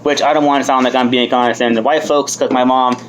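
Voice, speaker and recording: A man in his thirties shares his own story at a recovery meeting. He talks candidly and mocks himself, with plenty of swearing. His voice sits at an ordinary middle pitch for a man. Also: steady tone, quick pace, slight background noise, poor audio. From United States. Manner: candid, self-mocking, swears freely. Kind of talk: personal testimony.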